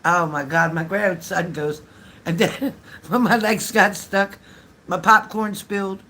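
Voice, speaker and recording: Chatty older man with a higher voice. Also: fairly even intonation, a little slow, pushed and bright, a little hiss or hum. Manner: chatty storyteller who laughs often, repeats phrases. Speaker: livestream host. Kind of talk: casual livestream chat. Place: at home. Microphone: phone or webcam.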